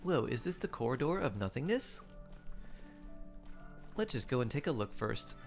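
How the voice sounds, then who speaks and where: A man's voice: medium pitch, big pitch swings, normal speed, vocal fry. A man streaming a game, chatting casually, laughing often and reading his chat aloud. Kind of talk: casual gameplay commentary. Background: faint game music.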